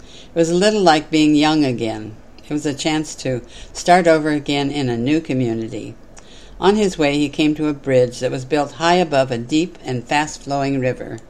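Reflective parable narrator, mid-range pitch, steady measured delivery. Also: rough recording. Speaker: storyteller. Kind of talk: reading a moral parable.

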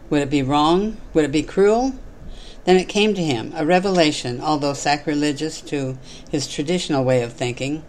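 Reflective parable narrator, mid-range pitch, steady measured delivery. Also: low-quality recording. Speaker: storyteller. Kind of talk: reading a moral parable.

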